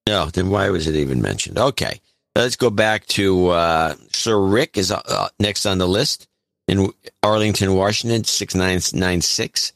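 A man's voice: sits low, a little slow, a bit bright, no echo. A man co-hosting a podcast, casually reading out donor names and towns and stumbling over some of them. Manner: reads names and cities, stumbles on pronunciation. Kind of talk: casual chat.

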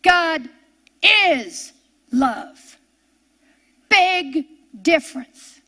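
Bright-voiced older woman preaching slowly. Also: high voice, lively intonation. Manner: emphatic, drawn-out preaching with sudden fast asides. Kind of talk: sermon.

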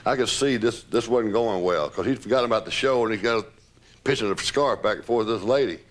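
An older man being interviewed, telling lively anecdotes with laughter and the odd curse. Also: lowish voice, fast talker. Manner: animated storyteller, laughs, swears. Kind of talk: recounting stories.

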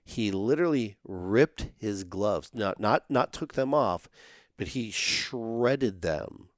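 Low-voiced man, conversational chiropractor guest. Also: animated, takes it slowly, no room sound, clean studio sound. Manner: conversational, uses many fillers like "you know". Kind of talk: casual interview chat.

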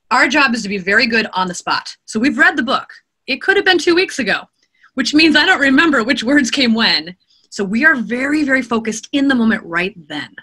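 A woman audiobook narrator and voice actor being interviewed, talking in an animated way, laughing often and acting out quotes. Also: on the high side. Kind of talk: interview conversation. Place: home studio.

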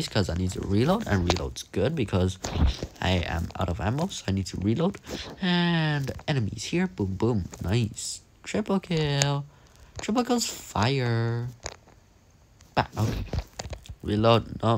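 A young man plays a game while giving casual, jokey, animated commentary, talking to himself as he goes. His voice is mid-range, with a little hiss or hum in the recording.

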